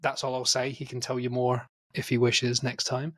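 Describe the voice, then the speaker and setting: A man hosting a casual movie podcast, jokey and quick to laugh. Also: mid-range voice, completely flat delivery, a bit bright, slightly rough, dry recording, studio quality. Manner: jokey, laughing, plays with silly accents. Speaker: podcast host.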